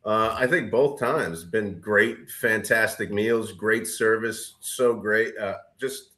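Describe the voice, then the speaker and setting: A middle-aged man with a fairly low voice talks in a loose, casual way. He keeps trailing off into fillers and restarts his sentences as he recounts things to a friend. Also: slow pace, sharp tone. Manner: rambling, hesitant, many fillers and restarts. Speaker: podcast co-host. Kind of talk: casual chat.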